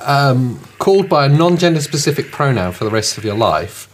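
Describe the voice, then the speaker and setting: A man in his late thirties from England, co-hosting a casual podcast chat with teasing, quick-witted questions. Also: medium pitch, very animated, a little hiss or hum. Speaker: podcast co-host.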